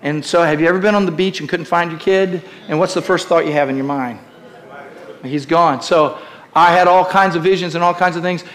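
High-voiced preaching man, impassioned. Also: a little fast. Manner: impassioned preaching, rising to shouts. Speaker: pastor. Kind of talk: sermon.

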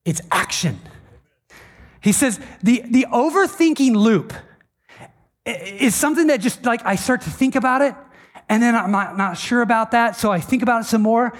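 A man's voice: very high voice, expressive, moderate pace. A man preaching a sermon as pastor, talking conversationally, often asking "right?", and briefly acting out the voices he quotes.

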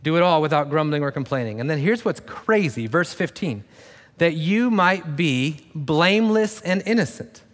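A man with a somewhat high voice preaches a relaxed, conversational sermon. His delivery mixes plain talk with dry, sarcastic asides. The sound carries a long reverb from the big church room around him. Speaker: pastor. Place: church sanctuary.

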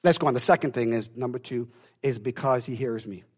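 A pastor preaching a sermon, emphatic and calling out to the congregation, swinging from hushed talk to shouting. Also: male voice, mid-range voice, brisk, husky.

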